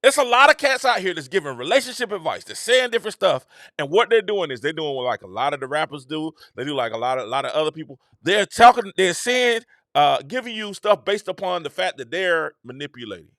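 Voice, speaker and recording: A man's voice: on the high side, very animated, a little fast, a bit bright, no room sound, studio quality. A man hosting his own show, talking in a casual, emphatic monologue with slangy, repetitive phrasing. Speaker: show host.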